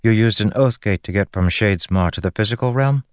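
A man's voice: lowish voice, fairly quick, clear, resonant tone, no room sound, clean studio sound, voice pushed up, lightly acted. Audiobook figure: male reader doing a curious young woman, lifted voice. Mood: inquisitive. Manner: inquisitive. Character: young woman scholar, inquisitive.

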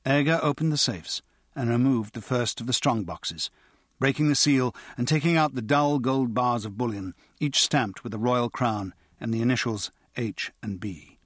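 A man narrates an audiobook in a measured, expressive storytelling style. His voice is mid-range, and the recording is dry with studio quality.

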